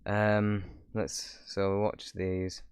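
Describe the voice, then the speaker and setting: A man's voice: lowish voice, flat delivery, extremely slow, smooth, no room sound. A young man hosting his channel, giving rambling casual reaction commentary with sarcastic asides. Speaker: YouTuber host.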